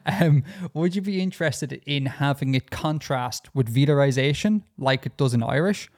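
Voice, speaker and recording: A man's voice: medium pitch, expressive, normal speed, a little mellow. A man co-hosting a casual podcast discussion, talking in a chatty, hesitant way with frequent restarts and fillers. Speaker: podcast co-host.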